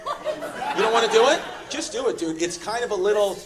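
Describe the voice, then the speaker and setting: A male stand-up comedian doing brash, teasing crowd work, throwing quick jokes at audience members on a club stage. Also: high voice, very animated. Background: audience laughter.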